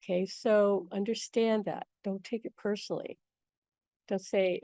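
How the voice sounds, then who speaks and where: A woman's voice: medium pitch, fairly even intonation, measured pace, warm tone, no room sound, studio quality. A woman teaching a spiritual workshop in a chatty, direct way. She laughs easily and keeps checking in with her listeners. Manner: laughs easily mid-sentence.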